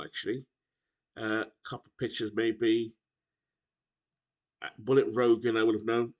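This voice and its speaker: A British man chatting casually to his viewers about a baseball video game, rambling and often correcting himself, recorded on a laptop microphone. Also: fairly low pitch. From United Kingdom. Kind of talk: casual chat to camera.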